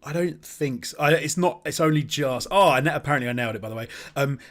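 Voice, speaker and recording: A man's voice: a little high, quick pace, fairly bright tone. Chatty British man on a podcast. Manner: chatty, asks lots of questions. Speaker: podcast co-host. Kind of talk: casual podcast chat.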